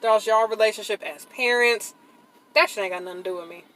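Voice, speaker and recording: A woman speaking to camera in a blunt, profane, emphatic rant, swinging into loud outbursts. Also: mid-range voice, a little fast, poor audio. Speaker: vlogger. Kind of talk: casual venting monologue.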